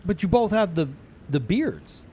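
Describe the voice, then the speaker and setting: A man voicing a startled, gushing male gas station clerk who exclaims loudly in disbelief. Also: sits high, very animated, a little slow, a little hiss or hum, voice pushed up. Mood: incredulous. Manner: loud, incredulous exclaiming.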